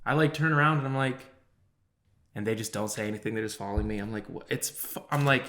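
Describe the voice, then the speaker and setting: Young male podcast co-host, bright forceful tone, animated storyteller who acts out quotes. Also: lowish voice, fast. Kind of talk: casual chat, storytelling.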